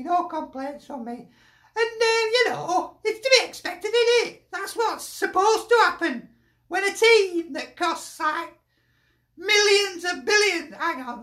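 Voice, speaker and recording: Lancashire woman, very high voice, slow and chatty, jokey football fan, echoey room. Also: fairly bright tone. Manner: chatty, jokey, laughs often, broad dialect. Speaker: fan sending in a video reaction. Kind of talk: casual fan reaction chat.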